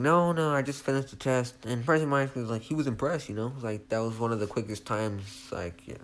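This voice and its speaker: A young man casually retelling a fan story, rambling and hesitant with many restarts. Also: fairly low pitch.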